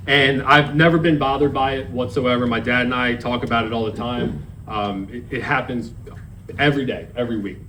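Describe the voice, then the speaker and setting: At a memorial service, a Maryland man in his thirties eulogizes his grandfather, performing the lines of dialogue as he tells a story. His medium-pitched voice is a bit bright, and the rough recording has some hiss or hum.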